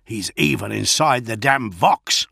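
A man voicing a furious space marine lord who barks his orders high and hard over a dry, close-miked audiobook read. The commander is gruff and wrathful and will not be kept waiting. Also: a little slow, bright, forceful tone, no echo, heavily acted. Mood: angry. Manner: barked commanding orders, raised and intense. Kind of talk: audiobook character voice.

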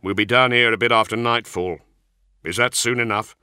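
A man voicing a gruff, fatalistic space marine sergeant who talks in a dry deadpan growl. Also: medium pitch, normal speed, dry recording, pitched above the performer's own voice.

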